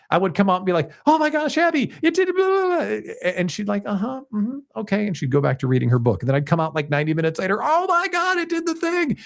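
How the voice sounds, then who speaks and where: A man in his fifties hosting a podcast, telling a personal story in a casual, animated way and jumping higher in pitch when he gets excited. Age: 50s. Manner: animated storytelling, jumps high when quoting himself excitedly. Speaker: podcast host. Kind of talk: casual monologue.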